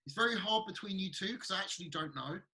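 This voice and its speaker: A man's voice: high-pitched, animated, quick pace, bright, forceful tone. A British man co-hosting a podcast, joking and teasing in casual chat with hesitant restarts. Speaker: podcast co-host. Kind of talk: casual banter.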